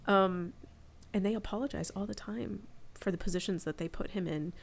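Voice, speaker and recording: A woman in her forties chats openly as a podcast guest. Her voice sits in a middle pitch, and she tells her stories in a candid, reflective way. The talk is loose and personal. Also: normal speed, vocal fry. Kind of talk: casual podcast chat.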